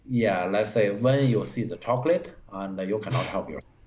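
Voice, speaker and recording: Halting man reviewing go games. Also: lowish voice, a little mellow. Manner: halting, many fillers, broken English grammar. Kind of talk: live-stream game review. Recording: roomy, dull stream audio.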